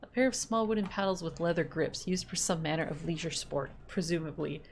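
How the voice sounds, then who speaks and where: A woman's voice: sits low, fairly quick, a little hiss or hum. A young woman streaming a game, chatting casually and reading in-game text aloud with self-mocking asides and swearing.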